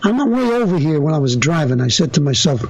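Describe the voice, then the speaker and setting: An older man, a working actor and interview guest, telling stories with an animated delivery. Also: a little high, fast, highs cut off. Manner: lively animated storyteller. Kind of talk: storytelling interview.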